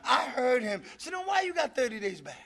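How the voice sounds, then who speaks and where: High, gravelly middle-aged man preaching recovery. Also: wildly swooping pitch, a little fast. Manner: exhorting, shouting to the room, breaking into laughter. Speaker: speaker at a recovery meeting. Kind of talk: fiery preaching-style recovery talk.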